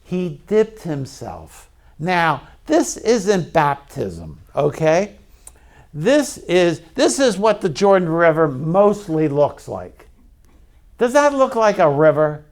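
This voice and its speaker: Male pastor, sermon, unhurried delivery, fairly high voice, questions to the congregation, candid and confessional. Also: very animated. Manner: slow, conversational preaching with questions to the congregation.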